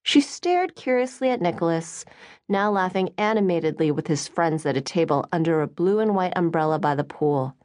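A woman reads a novel aloud with a lowish but very lively voice. The sound is dry and close, with nothing of the room. Her reading is expressive and varied. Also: moderate pace, dry recording. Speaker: audiobook narrator. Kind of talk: scripted audiobook narration.

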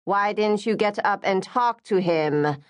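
A woman's voice: fairly high pitch, sing-song, takes it slowly, voice pushed up. A woman voicing a pushy, gossipy middle-aged mother who scolds and matchmakes. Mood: excited.

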